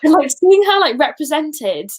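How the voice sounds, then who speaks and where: A woman's voice: high voice, sing-song, moderate pace, darkish tone. A woman co-hosting a casual fan chat, gushing and emotional as she rambles. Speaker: podcast co-host; teacher.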